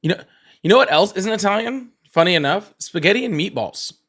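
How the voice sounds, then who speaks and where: A man with a high-pitched, expressive voice and a fairly bright tone hosts a casual livestream at a brisk clip. He rambles with lots of fillers and restarts, greets chat viewers by name, and swears offhand.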